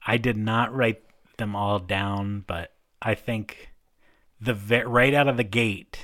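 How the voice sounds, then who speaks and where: A woman's voice: extremely low pitch, steady tone, takes it slowly, a bit bright, no echo, clean studio sound. A woman co-hosting a podcast, chatting in a laid-back way about a TV episode. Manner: laid-back, short agreeing replies. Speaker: podcast co-host. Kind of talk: casual chat reviewing a TV episode.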